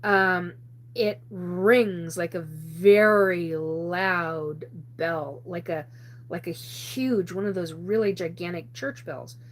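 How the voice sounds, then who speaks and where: A woman's voice: lowish voice, takes it slowly, slight background noise. A woman hosting a live show, telling a personal story in a rambling way with many restarts and frequent laughter. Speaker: host.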